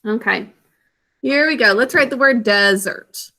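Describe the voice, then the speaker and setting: Slow, bright-voiced woman teacher. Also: on the high side. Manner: patient, sounds out words clearly. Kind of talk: literacy lesson for children.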